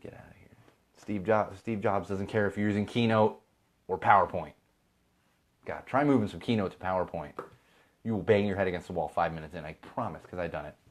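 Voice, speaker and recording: The voice is low-pitched and fairly quick, with long pauses, belonging to a podcast host in his thirties from Chicago. He chats casually as on a live stream, ranting, mimicking other people, and slipping in sarcasm.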